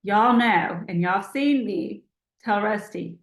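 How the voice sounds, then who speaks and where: A woman leading a motivational team call over a video call in a chatty, encouraging, animated way. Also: medium pitch, takes it slowly, reverberant. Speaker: team leader hosting a call.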